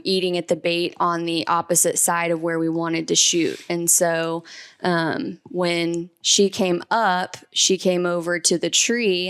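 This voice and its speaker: A woman speaking in a smooth, clear voice at a fairly low pitch. She tells her story slowly and tentatively, often pausing on "um". The recording is dry and close. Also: dry recording. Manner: hesitant, with frequent "um". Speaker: guest, hunter's wife. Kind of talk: casual storytelling.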